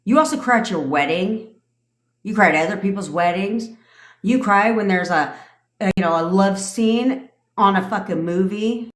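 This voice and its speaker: A woman's voice: medium pitch, moderate pace. A middle-aged woman who is a manifestation coach, talking in a blunt, profane, casual livestream rant. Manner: blunt and profane, with lots of swearing. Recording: echoey room.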